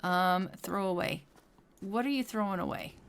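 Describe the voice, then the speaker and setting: A woman's voice: medium pitch, vocal fry, slight background noise. A woman giving casual commentary over a life-simulation game, chatty, with frequent ums, often talking to her characters and voicing their lines. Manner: frequent ums and drawn-out phrasing. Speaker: gameplay commentator.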